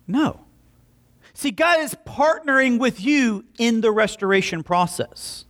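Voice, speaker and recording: A young male pastor delivers a sermon in an animated, story-driven way. His voice sits high and swings widely in pitch as he acts out what people say. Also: a little slow. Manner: animated, jokey storytelling with acted-out quotes.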